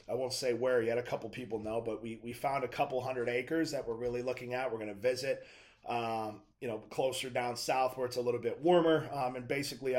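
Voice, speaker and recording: Young man, Christian speaker, earnest, conversational, preaching monologue, mid-pitched voice.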